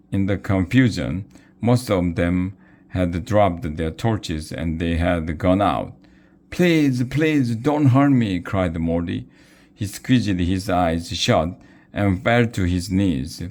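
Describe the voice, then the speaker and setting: A man reading a children's book aloud, unhurried, with small slips and restarts. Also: sits low, a little mellow. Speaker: reader.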